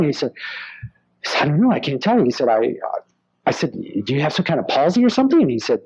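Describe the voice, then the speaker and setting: With a medium pitch, fairly quick delivery, vocal fry, and a breathy edge, a man tells stories during a sermon. He animatedly acts out the quoted voices of his characters, captured in a somewhat dull lo-fi recording.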